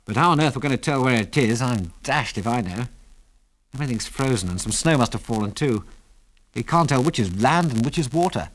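A man voicing a seasoned male pilot, calm and commanding, who speaks in clipped, matter-of-fact orders. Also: mid-range voice, fairly quick, natural voice. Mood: steady.

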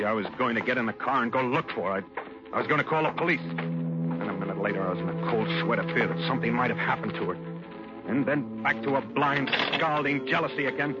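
A man's voice: on the low side, lightly acted. An actor playing a jealous young husband who narrates his story in an old radio drama. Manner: brooding, tense confessional narration. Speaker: narrator and lead. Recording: muffled old radio recording with music.

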